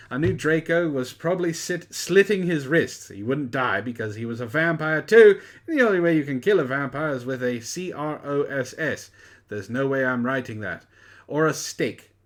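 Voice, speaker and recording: A man's voice: fairly high pitch, a bit bright. A man reading a story aloud for laughs, with sarcastic asides between lines. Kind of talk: mocking comedic dramatic reading.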